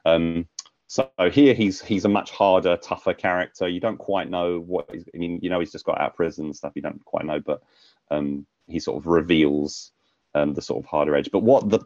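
A man's voice: sits low, a little mellow, dry recording, dull audio. A British man co-hosting a podcast, chatting casually about films in a rambling way, with lots of fillers and restarts. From United Kingdom. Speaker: podcast co-host. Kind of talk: casual film review chat.

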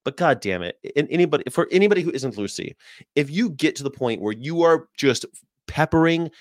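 A man's voice: a little high, expressive, a little fast, no room sound, clean studio sound. A man hosting a reaction video, brash and joking, swearing and repeating short slogans. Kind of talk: blunt reaction commentary.

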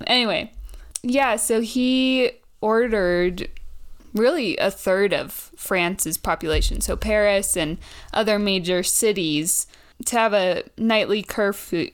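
A woman's voice: medium pitch, takes it slowly. A young woman in her twenties co-hosting a casual chat podcast, chatty and laughing often as she tells stories. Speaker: podcast co-host.

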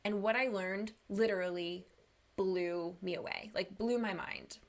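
A woman's voice: mid-range voice, steady tone, measured pace. A young woman who coaches people through anxiety and depression, giving an earnest, casual motivational talk. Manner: earnest, casual, uses "like" a lot. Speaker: mental health coach.

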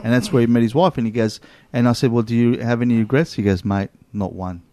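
A man with an Australian accent, hosting a casual chat and telling animated travel stories full of asides. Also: mid-range voice, fast, no echo. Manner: animated storyteller, lots of "you know what?".

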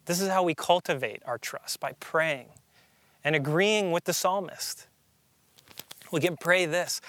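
A man preaching a sermon as a pastor, earnest and emphatic, slowing down to stress key phrases. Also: high voice, fairly bright tone, no room sound.

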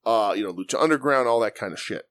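A man co-hosting a podcast, telling stories in profane, animated casual chat. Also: mid-range voice, fast talker. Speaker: podcast co-host.

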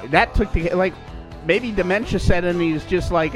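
A man's voice: high voice, animated, normal speed, music in the background. A man co-hosting a podcast, telling a long profane story in casual chat and putting on quoted voices. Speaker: podcast co-host.

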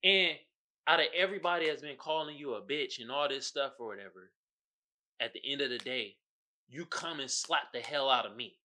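A young man hosting a podcast, riffing in heavy slang, jumping between low mutters and loud outbursts and quoting others as he goes. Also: brisk, slight background noise. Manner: heavy slang and fillers, quotes others in character. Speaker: podcast host. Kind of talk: casual commentary.

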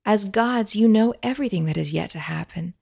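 A woman's voice: fairly low pitch, fairly even intonation, moderate pace, vocal fry, a little mellow, dry recording, studio quality. A woman voicing an earnest, respectful young woman seeker speaking to a spirit.

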